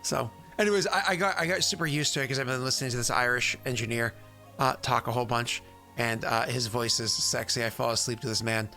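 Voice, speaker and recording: A man's voice: mid-range voice, quick pace, sharp tone, faint music behind. A man running a tabletop game as game master, rambling with many fillers and frequent laughs.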